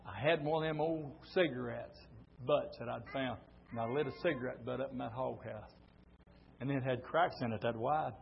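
A middle-aged man preaching a sermon, telling stories and swelling into shouted preaching, heard on a dull lo-fi church recording. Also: mid-range voice, moderate pace, gravelly.

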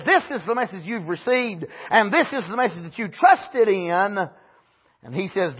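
High, husky-voiced preacher man. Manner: emphatic, punctuates phrases with "amen"; swings from raised, near-shouted emphasis to low, quiet explanation. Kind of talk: sermon. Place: church. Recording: dull lo-fi sermon recording.

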